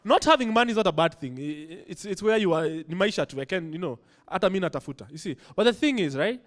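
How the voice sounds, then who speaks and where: Kenyan male stand-up, high-pitched, playful and code-switching. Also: lively intonation, fast talker. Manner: playful, mixes English and Swahili slang. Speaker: stand-up comedian. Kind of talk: stand-up routine.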